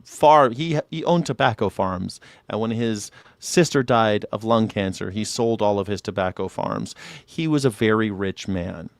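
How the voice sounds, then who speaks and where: A man's voice: fairly low pitch, lively intonation, unhurried, creaky, no echo. Casual, profane male reaction host. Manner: loose, profane, rambling rebuttals. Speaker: live news reaction host.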